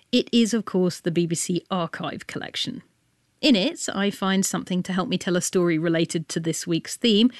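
A woman presents a science radio show with a chatty, playful manner, dropping quick asides as she goes. Her voice is close and dry, with no room around it. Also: fairly low pitch, no echo.

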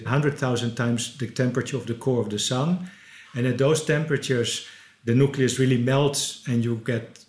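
Husky-voiced male physicist explaining calmly. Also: mid-range voice. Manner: plain, measured explanations. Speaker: particle physicist. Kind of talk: explaining to a reporter.

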